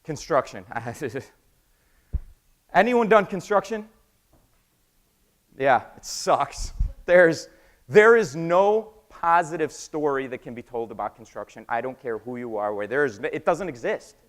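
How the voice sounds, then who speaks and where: An American man giving an energetic conference talk, quizzing the audience and acting out conversations. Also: fairly high pitch, unhurried, pauses often. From United States. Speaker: conference speaker. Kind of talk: keynote talk with acted-out dialogue.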